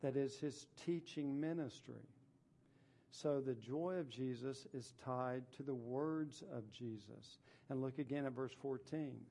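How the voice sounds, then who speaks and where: A man's voice: medium pitch, unhurried, warm tone. A man preaching a sermon, reading scripture verses aloud and explaining them, stressing points by repeating phrases. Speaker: pastor.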